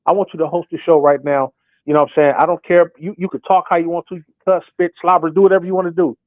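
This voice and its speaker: A young man talking sports on a podcast, excited and casual, often acting out made-up quotes. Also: fairly high pitch, quick pace, no echo. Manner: acts out imagined quotes in put-on voices. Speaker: podcast co-host. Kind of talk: animated sports talk. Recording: thin phone-like sound.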